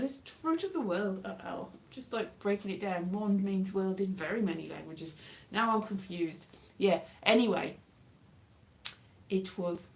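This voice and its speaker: Woman, livestream chat, rambling, self-deprecating, mid-pitched voice. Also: normal speed, a little hiss or hum.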